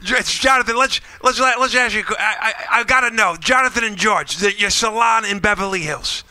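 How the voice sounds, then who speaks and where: A man hosting a casual interview, stammering through repeated restarts. His voice is high and very bright, and it sounds dry and close. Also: normal speed, no room sound. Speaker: host.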